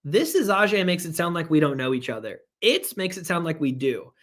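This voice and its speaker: A man's voice: fairly high pitch, big pitch swings, fairly quick, fairly bright tone. A man leading a live online sales training. He speaks energetically, repeats his key points and talks to viewers in the chat.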